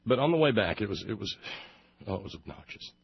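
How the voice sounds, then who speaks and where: Sarcastic talk host, husky voice, dry close sound, slightly dull audio. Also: male voice, on the low side, sing-song, quick pace, dry recording. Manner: sarcastic, rambling with many fillers. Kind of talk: casual radio monologue.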